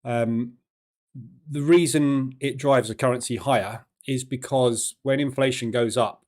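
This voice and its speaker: A man hosting a live trading session, greeting viewers and explaining market news in a casual, halting way with many fillers. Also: medium pitch. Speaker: trading room host.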